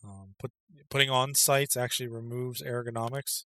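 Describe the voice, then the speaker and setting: Man, casual tutorial voice-over, rambling, filler-heavy, mid-pitched. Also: fairly even intonation, normal speed, bright, forceful tone. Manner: rambling, filler-heavy, with many ums and uhs. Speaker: game guide creator.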